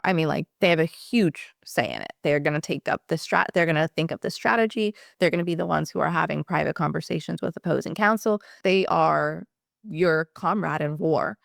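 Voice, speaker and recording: A woman's voice: lowish voice, vocal fry, dry recording, clean studio sound. A woman employment attorney explaining legal fees straight to camera in a candid, passionate way, swearing casually.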